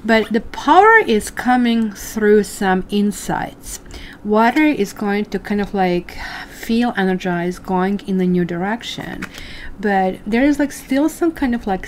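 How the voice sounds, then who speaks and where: A woman reads tarot live for her viewers, chatting away with plenty of fillers and asides and calling everyone "guys." Her mid-range voice has a darkish tone, with a little hiss or hum audible.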